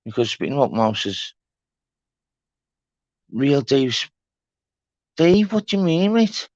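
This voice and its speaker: A man's voice: mid-range voice, big pitch swings, takes it slowly, darkish tone, dry recording. A man hosting a casual livestream chat, blunt, swearing and repeating himself. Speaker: livestream host. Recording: dull lo-fi stream audio.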